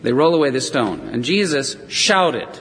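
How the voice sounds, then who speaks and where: A man's voice: on the high side, animated, moderate pace, a bit bright, a little hiss or hum. A man preaching a sermon, telling scripture stories and briefly acting out the voices of the people in them. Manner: storytelling, acts out voices of scripture figures. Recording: long reverb of a large hall.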